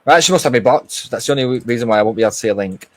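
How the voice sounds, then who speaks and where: A man's voice: medium pitch, very fast, no echo. A man speaks on a live-stream panel in an everyday mid-range voice. He is blunt and agitated, firing short demands and complaints. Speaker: panel guest. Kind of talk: casual live-stream chat.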